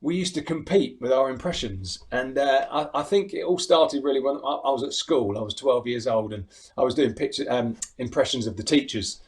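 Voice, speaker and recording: A man's voice: medium pitch, a little fast, hardly any pauses. A middle-aged English man chatting on a video call as an interview guest, laughing often and restarting his sentences. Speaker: impressionist guest. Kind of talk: casual interview chat.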